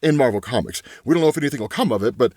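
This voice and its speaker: A man's voice: medium pitch, racing, dry recording, clean studio sound. A man casually recapping a comic book story as a host, tagging his lines with "right?" and retelling the dialogue in his own voice. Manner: animated, tags lines with "right?" and "like".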